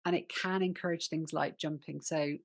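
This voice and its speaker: A woman hosts a podcast interview, her voice sitting somewhat low. She talks in an easy conversational way, handing out practical advice on training puppies. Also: steady tone, normal speed, vocal fry. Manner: advice-giving, conversational, encouraging. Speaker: podcast host and dog trainer.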